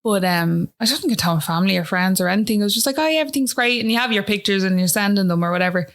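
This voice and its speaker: A woman's voice: medium pitch, steady tone, very fast. A woman with an Irish accent, a podcast guest telling a personal story in a chatty way, often asking "do you know what I mean".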